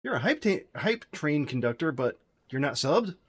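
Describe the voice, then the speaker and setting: A man's voice: a little high, sing-song, moderate pace. Man musing aloud on a dev stream. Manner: thinks aloud while coding, mutters to himself; friendly, thanks chat viewers directly. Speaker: game developer streaming live. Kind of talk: casual live-stream chat.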